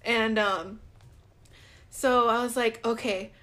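A woman's voice: fairly high pitch, steady tone, slow pace, bright, forceful tone. A young woman co-hosting a podcast, telling a dating story in a casual, chatty way, full of "like" and acted-out quotes. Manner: chatty, many "like"s, acts out quoted dialogue. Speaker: podcast co-host.

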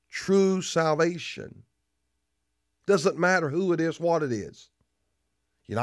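A male pastor preaching a sermon emphatically, repeating phrases and pausing for dramatic effect. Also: a little high, no echo, studio quality.

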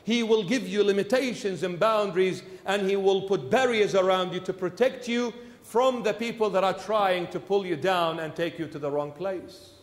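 A man, a bishop, preaching a sermon with emphatic repetition that swings between loud and soft. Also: high voice, moderate pace, hardly any pauses, reverberant, long reverb tail. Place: church.

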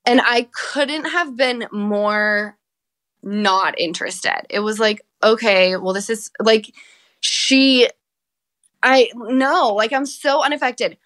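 Recording at home, separate from her co-host, a woman chats casually on their podcast, peppering her speech with "like" and cursing without restraint. Her voice is on the high side and fairly bright, and she speaks slowly.

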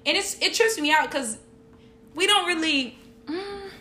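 A woman's voice: very high voice, a little slow, bright, forceful tone. A woman co-hosting a podcast in slangy casual chat, joking and laughing easily. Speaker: podcast co-host.

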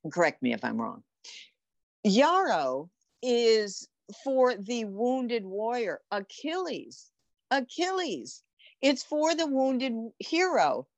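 A woman's voice: mid-range voice, no room sound. An enthusiastic woman talking casually about flower essences for animals, often trailing off and restarting her thoughts. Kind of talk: casual explanatory talk.

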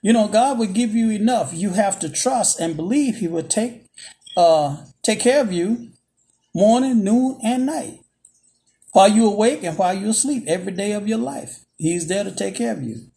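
Gravelly-voiced preacher. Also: medium pitch, lively intonation, normal speed, warm tone. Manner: emphatic call-and-response phrasing, repeats "Okay?". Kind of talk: sermon.

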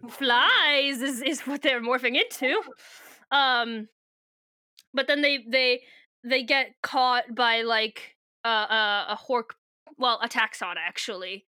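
A young woman co-hosts a podcast in loose, rambling chat, cursing casually and breaking into laughter. Her voice is high and smooth, recorded close and dry. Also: slow, bright, forceful tone, no echo. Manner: rambling, swears freely, laughs often. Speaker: podcast co-host recapping a book.

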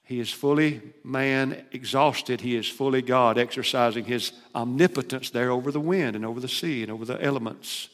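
A man preaching a sermon, shifting between emphatic, loud declarations and hushed, quiet passages. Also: medium pitch, normal speed, few pauses. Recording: long hall reverb.

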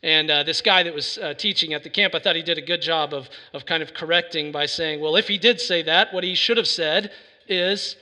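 A man's voice: fairly high pitch, brisk, bright, forceful tone. A man giving an earnest sermon as a pastor, building to emphatic preaching. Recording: reverberant hall sound.

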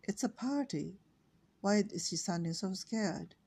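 A man's voice: sits high, lively intonation, unhurried, vocal fry, darkish tone, husky, exaggerated voice. A reader voicing a suspicious, secretive man who talks in a terse, guarded way.

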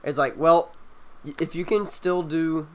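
A young man casually telling a story to friends, animated and acting out the lines he quotes. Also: fairly high pitch, moderate pace. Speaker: storyteller in a group chat.

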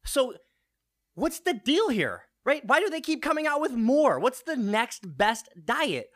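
A fitness vlogger in his late thirties, with a runny nose, speaks in an extremely high voice whose pitch swoops wildly. He talks a little slowly and a bit brightly in a casual vlog, swearing now and then and firing rhetorical questions at viewers.

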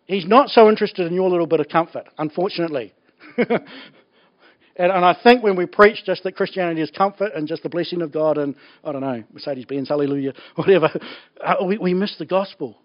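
High-voiced New pastor preaching. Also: male voice, quick pace. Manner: animated, laughs often, colloquial jokes. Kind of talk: sermon. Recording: dull lo-fi recording.

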